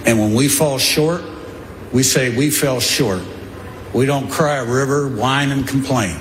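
A man speaking as a college football head coach at a press event, blunt and boastful, pausing on fillers. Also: medium pitch. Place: media day event room. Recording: echoey hall, faint room noise.

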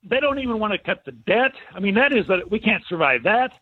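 A man's voice: high voice, sing-song, a little fast, slightly rough, no echo. A man on a phone line, complaining in an exasperated, repetitive way during a political call-in chat.

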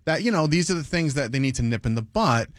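Lively chatty radio host, a man. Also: on the high side, fast, dry recording, clean studio sound. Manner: chatty, laughs often, lively delivery. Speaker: radio morning show host. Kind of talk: casual morning radio chat.

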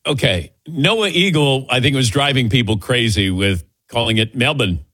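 Brief: male sports talk host, animated and chatty, dry close mic. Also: mid-range voice, normal speed, no room sound. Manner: chatty, laughs easily, animated delivery.

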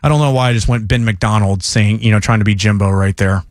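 A man hosting a morning sports talk radio show, speaking in an animated, emphatic way with quick restarts. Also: fairly low pitch, no echo, clean studio sound. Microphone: studio microphone.

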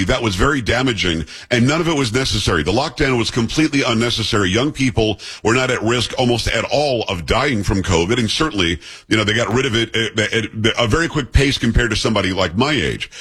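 A middle-aged man hosting a talk radio interview, emphatic and asking pointed questions, with a husky voice. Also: mid-range voice, a bit bright.

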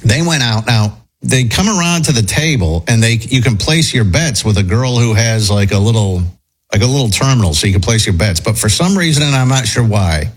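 A man's voice: mid-range voice, lively intonation, fairly quick, slightly rough. A man telling a long rambling story in casual chat, full of fillers and restarts. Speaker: storyteller on a talk show.

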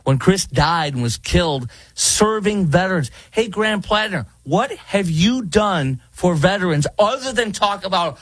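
A man's voice: high voice, animated, a little slow, few pauses, no room sound. A man, hosting talk radio and giving indignant, rambling commentary. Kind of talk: opinionated commentary. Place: studio in Dallas.

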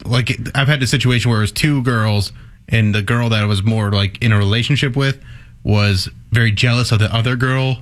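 A man's voice: medium pitch, steady tone, brisk. Laid-back male co-host. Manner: laid-back, laughs easily, filler "like". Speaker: podcast co-host. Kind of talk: casual chat.

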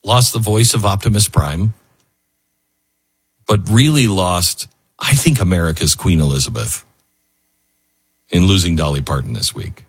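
A man's voice: deep voice, measured pace, pauses often, husky. A man hosting a talk show, speaking in an earnest, heartfelt, wandering way. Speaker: radio show host. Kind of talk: emotional talk radio monologue.

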